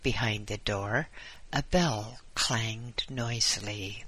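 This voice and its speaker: A man reading an audiobook aloud as its narrator, in a measured, deliberate way. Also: mid-range voice, bright, forceful tone, breathy edge. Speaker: audiobook reader. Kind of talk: scripted narration.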